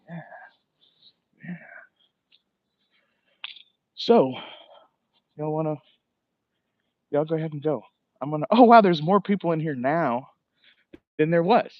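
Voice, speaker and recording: A man's voice: on the high side, no room sound, lo-fi sound. A man hosting a casual walking livestream outdoors on a residential street, rambling and swearing as he chats. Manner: rambling, profane, chatty. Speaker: livestream host.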